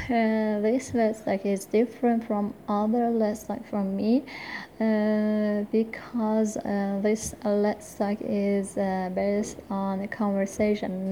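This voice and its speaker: Woman not a native english speaker, super slow, lots of uh's, mellow voice. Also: medium pitch, a little hiss or hum. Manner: hesitant, many filler sounds and restarts. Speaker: forum member presenting a talk. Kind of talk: slow unscripted monologue.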